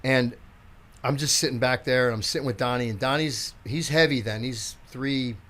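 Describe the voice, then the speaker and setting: In this casual podcast chat, the guest, a sixty-something physical therapist and strength coach, speaks at a normal speed in a mid-range voice. He tells his stories with animation, acting out plenty of quotes and swearing without restraint.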